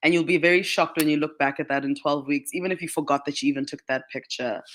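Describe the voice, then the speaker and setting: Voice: medium pitch, steady tone, fast, fairly bright tone, a little hiss or hum. A radio guest explaining skincare in a chatty way, with many "like" fillers and frequent laughs. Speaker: guest, skincare brand marketing manager. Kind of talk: radio interview answers. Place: radio studio.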